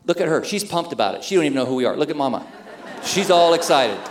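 A middle-aged man pastor telling a story in a sermon, animated and acting out the voices of the people in it. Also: a little high, quick pace, echoey room, noisy background. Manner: animated, acts out quoted voices.

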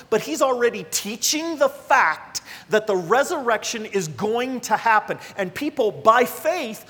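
A man with a high voice preaches a sermon, talking straight to the congregation in an emphatic, conversational way. His voice rings out with a long reverb, as if in a large hall. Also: a bit bright. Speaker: pastor.

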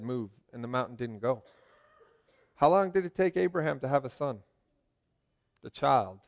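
Lively, high-voiced preacher man. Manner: joking, asks the crowd questions, swings from loud calls to quiet asides. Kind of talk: lively sermon to a congregation.

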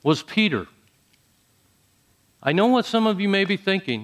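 A man preaching a sermon, dramatic, dropping to soft low phrases and then rising to loud emphatic ones. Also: very animated, normal speed, pauses often. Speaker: pastor.

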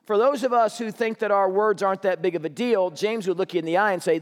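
High-voiced male pastor preaching. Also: fast, hardly any pauses. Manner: conversational, joking storyteller. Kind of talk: sermon. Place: church auditorium. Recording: echoey hall reverb.

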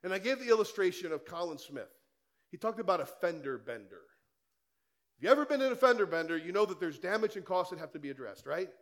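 Guy preaching a sermon, pretty high voice, keeps throwing questions at the church. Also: very animated, quick pace. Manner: conversational preaching, firing rhetorical questions at the listeners. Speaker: pastor.

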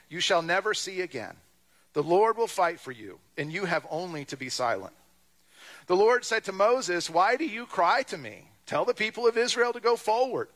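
A man preaching a sermon, reading scripture and retelling it with wry humor and acted-out voices. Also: high-pitched. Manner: lively, wry, acts out quoted voices. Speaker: pastor.

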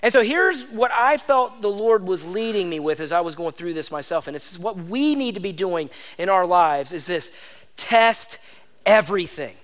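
A man's voice: sits high, expressive, moderate pace, hardly any pauses, a bit bright. A man preaching a sermon as pastor, emphatic and exhorting, repeating lines for stress. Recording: long hall reverb.

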